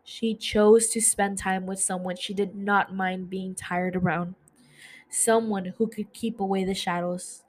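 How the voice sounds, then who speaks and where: A woman podcast host recaps a show episode in a loose, chatty way, swearing freely and breaking off into gushing asides. Her voice is middle-pitched, steady in tone and unhurried.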